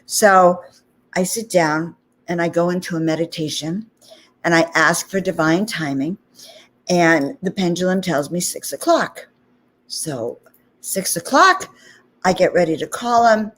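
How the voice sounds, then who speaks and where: A woman with a somewhat low voice tells a personal story as host of a spiritual talk channel. Her delivery is chatty and animated. She keeps checking in with the listener, tossing in "okay?" and "you know" as she goes. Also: measured pace. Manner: animated anecdote with frequent 'okay?' and 'you know' asides.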